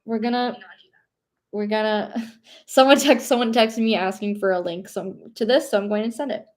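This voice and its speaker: A woman's voice: medium pitch, normal speed, darkish tone. A young woman streamer chatting casually and rambling, reading chat aloud and laughing often.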